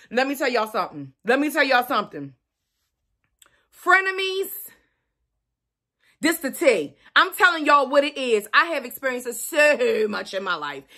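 Bright, high-voiced chatty woman vlogger. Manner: chatty, playful, talks straight to viewers with lots of repetition. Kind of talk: casual chat to camera.

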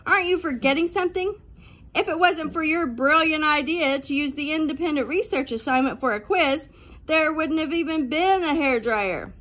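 A bossy schoolgirl scolds her classmates in a tart, quick voice, put on by a woman narrating a storybook. Her pitch runs high. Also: fairly bright tone. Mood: scolding. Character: bossy outspoken fifth-grade girl.

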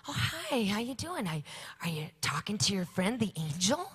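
A woman's voice: medium pitch, very animated, moderate pace, a bit bright, husky, big-room sound, exaggerated voice. A woman voicing a worried father who asks hesitant questions. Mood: coaxing. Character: worried middle-aged father asking advice.

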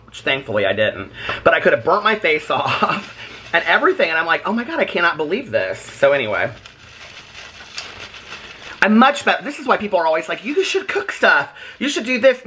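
A man rambles in a casual chat to his camera in his home kitchen, laughing often. His voice is bright and lively, swinging widely in pitch. A faint hiss sits under it. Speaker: vlogger.

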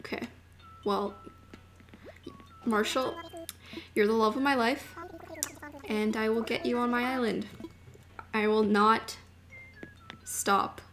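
A young woman streaming a video game, chatting casually and gushing excitedly, dropping to murmurs and rising to squeals. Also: on the high side, unhurried, long pauses, soft background music. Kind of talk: casual live-stream chat while gaming.

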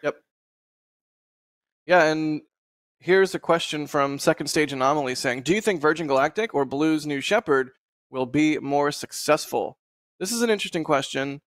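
Relaxed rambling man on a dry video call. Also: on the high side, moderate pace, no echo. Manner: relaxed, rambling, laughs often. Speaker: host. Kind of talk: casual live-stream chat.

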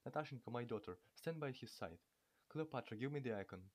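A man's voice: medium pitch, animated, brisk, close to an everyday voice. Man doing an old father, solemn, blustering, theatrical, storybook. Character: tearful, then angry old father.

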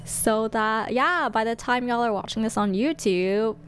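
A young woman streamer chatting casually while reacting to a game, excitable and chatty. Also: on the high side, measured pace, slight background noise.

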